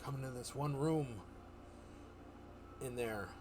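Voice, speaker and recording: A man streaming live, telling a fantasy adventure story in a rambling, animated way, full of fillers and restarts. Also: mid-range voice, takes it slowly, a little hiss or hum.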